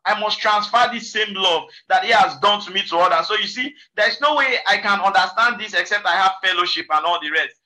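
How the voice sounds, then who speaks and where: A man's voice: high-pitched, bright, forceful tone, rough recording. A male pastor from Nigeria preaching a sermon in a conversational, repetitive way, full of "you know" and "and all the rest".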